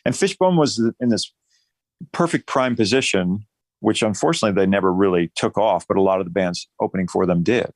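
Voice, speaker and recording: A man's voice: fairly low pitch, fairly quick, dry recording. A middle-aged man from New Jersey, a musician guest telling rambling, self-deprecating stories in a casual interview.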